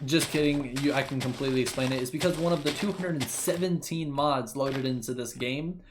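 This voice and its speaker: Commentating a casual game playthrough, this young channel host talks a little fast in a jokey, meandering way and fixes his own mistakes as he goes. His pitch is medium, and background noise and music sit under his voice.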